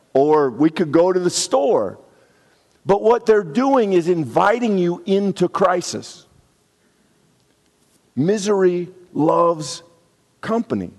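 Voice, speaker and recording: A man's voice: high-pitched, big-room sound. A man preaching a sermon in a conversational, reflective way, now and then acting out short quotes. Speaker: pastor.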